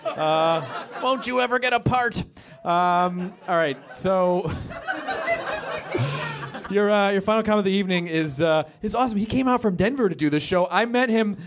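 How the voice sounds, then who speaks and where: A man hosting a live comedy show on a club stage, rambling and breaking into exasperated shouts. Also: high-pitched, normal speed.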